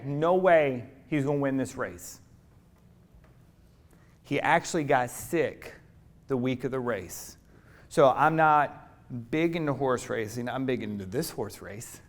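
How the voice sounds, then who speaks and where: Dramatic middle-aged motivational speaker, man. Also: fairly high pitch. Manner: dramatic storytelling with sudden loud bursts and hushed asides; preacher-like audience calls. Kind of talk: motivational keynote speech.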